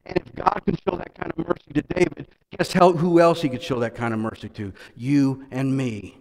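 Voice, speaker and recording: A male pastor preaching a sermon, talking conversationally with repeated phrases and building to loud, emphatic passages. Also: a little high, steady tone, fairly quick, creaky, in a large hall, low-quality recording.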